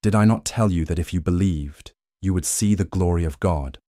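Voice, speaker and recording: A solemn, calm teacher voiced by a man narrating scripture. Deep and warm, read in a measured way. The recording is dry and close. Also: dry recording, lightly acted. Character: Jesus, calm authoritative teacher.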